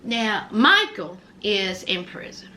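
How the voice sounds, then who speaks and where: A woman's voice: medium pitch, sing-song, slow, pushed and bright, a little hiss or hum. A woman recapping a reality show in casual commentary, sassy and exclamatory, telling it like a story.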